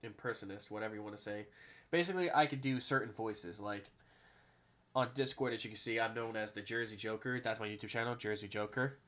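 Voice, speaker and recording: A man's voice: lowish voice, fairly quick, fairly bright tone, a little hiss or hum. A man hosting a casual sports podcast, rambling through stories, often adding "all right?" and swearing freely. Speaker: podcast host.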